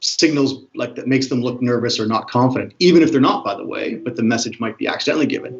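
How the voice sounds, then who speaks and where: Man, quick talker, body language expert, guest explaining, muffled lo-fi sound. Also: medium pitch. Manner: fast, animated, demonstrates tones of voice. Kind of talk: explanatory interview talk.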